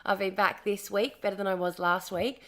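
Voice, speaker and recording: An Australian woman chatting casually on a live stream, slightly hoarse from a lost voice, repeating herself as she greets viewers. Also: mid-range voice, steady tone, moderate pace, fairly bright tone.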